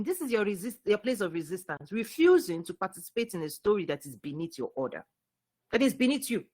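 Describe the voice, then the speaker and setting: A woman gives a spiritual teaching in a lively preaching voice. She repeats words for emphasis and swings between loud, emphatic bursts and soft, low asides. Her voice sits at a middle pitch for a woman. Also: fast.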